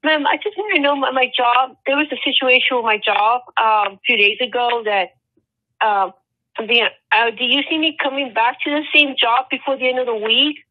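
A woman calling in from Colorado comes through a thin, narrow phone line, her voice sitting high. She is hesitant and earnest, stumbling and restarting as she asks. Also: moderate pace. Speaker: caller.

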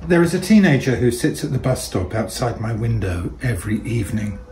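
A man reading literary fiction aloud in a measured, deliberate way. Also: medium pitch, sing-song, a little mellow, a little hiss or hum, poor audio. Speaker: reader.

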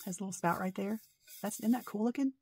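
A middle-aged woman chatting her way through a crafting show-and-tell at a mid-range pitch. She gushes and rambles, tripping over her words when excited, with a faint hiss of noise underneath. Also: fast talker. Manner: excitable, gushing, rambling and tongue-tied. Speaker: paper-crafting vlogger. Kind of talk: casual show-and-tell chat.

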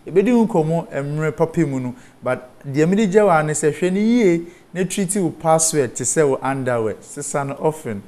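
A man's voice: on the high side, lively intonation, normal speed, few pauses, dark tone. Ghanaian man explaining cyber safety. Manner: explanatory, spells terms out letter by letter. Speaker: cybersecurity guest. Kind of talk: studio interview.

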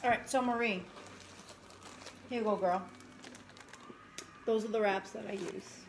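A young woman sits beside the host of a live stream and chats casually about her meal. She fills her sentences with "like" and warmly thanks viewers. Her voice is at an ordinary pitch, with a faint hiss in the background. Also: a little slow, vocal fry. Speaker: co-host girlfriend. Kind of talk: casual live chat eating on camera.

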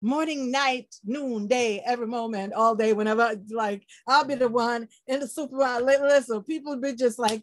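A woman preaching an informal online sermon, lively and laughing often, acting out quoted people with sudden shouts and low murmurs. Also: fairly quick, few pauses, no room sound. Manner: quotes people in acted voices.

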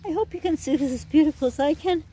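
Breathless high-voiced woman vlogging outdoors. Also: dark tone. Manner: rambling, chatty, breathy pauses. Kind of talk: casual garden vlog. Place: outdoors in a garden.

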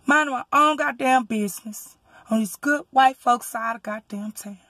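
A woman with a Southern US accent, a rideshare driver from Texas, telling a story in a profane, animated rant and loudly acting out what people said. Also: fairly high pitch, moderate pace, dry recording.

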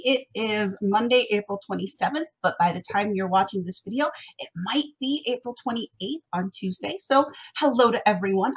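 A young adult woman teaching a remote music lesson to first graders in a bright, sing-song, encouraging voice that is slightly husky, recorded at home. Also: mid-range voice.

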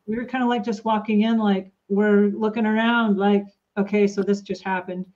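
A woman's voice: medium pitch, level tone, moderate pace, a little mellow. A woman hosting a podcast, chatting casually and telling stories with lots of fillers, acting out what people said. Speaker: podcast host. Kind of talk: casual chat, storytelling. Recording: dull lo-fi sound.

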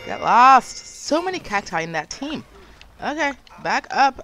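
A woman streaming a video game, chatting and reacting excitably as she plays. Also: high-pitched, moderate pace. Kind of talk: live gameplay commentary. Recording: game music behind.

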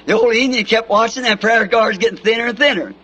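A preacher with a Southern American accent spins a folksy sermon story, his voice pitched high and ringing bright. He leans on homespun phrases and keeps asking "See?" to his listeners. The sound is an old tape recording from the 1960s. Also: brisk. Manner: folksy anecdotes with repeated "See?". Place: church meeting with congregation.

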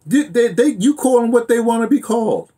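Uomo dalla voce roca e acuta, molto espressiva. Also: male voice, very high voice, expressive, fairly quick, warm tone. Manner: emphatic, repeats words while building a point. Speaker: podcast host. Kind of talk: casual chat.

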